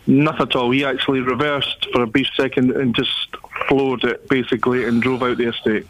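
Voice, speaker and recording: A man's voice: medium pitch, little pitch movement, a little fast, fairly bright tone, a little hiss or hum, poor audio. A man calling in to a radio show, telling his story in a plain, matter-of-fact way. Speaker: caller. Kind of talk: phone-in call.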